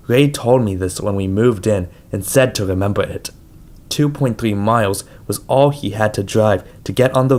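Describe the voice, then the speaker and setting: A man reading a novel aloud as an audiobook narrator, in a measured, quiet way. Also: fairly low pitch.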